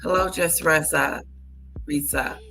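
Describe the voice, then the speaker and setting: A woman's voice: low-pitched, steady tone, slow pace, vocal fry, pushed and bright, soft background music. A woman hosting a casual livestream, chatting to viewers and repeating greetings to them. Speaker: livestream host. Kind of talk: casual live-stream chat.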